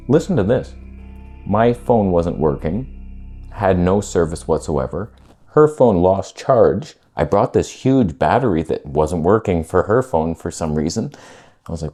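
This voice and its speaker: A man telling a story on his vlog, his pitch swinging widely as he goes. His tone is warm and mellow rather than bright. He talks in laid-back slang and swears now and then. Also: moderate pace, faint music behind. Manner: animated retelling that acts out quoted voices. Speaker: vlogger.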